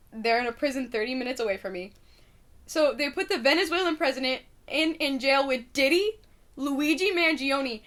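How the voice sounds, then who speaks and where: A young woman from Indiana rambles to her camera in a casual vlog, with a slightly high voice. She swears freely, leans on fillers, and drops to quiet asides before bursting out loud. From Indiana, United States. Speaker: vlogger.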